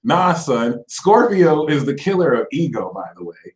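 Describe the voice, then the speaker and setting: A high-pitched man talks into an echoey room, hosting an astrology stream with an animated, ranting delivery. He drops to low mutters, then breaks into loud shouts. He mocks other signs in put-on voices. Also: moderate pace. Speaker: astrology channel host. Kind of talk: animated livestream rant.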